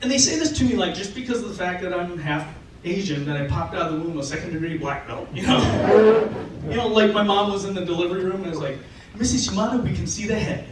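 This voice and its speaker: A man doing a stand-up comedy routine, animated and often laughing as he acts out voices. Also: sits high, fast talker. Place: live stage venue. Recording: echoey venue, distant mic, loud noise.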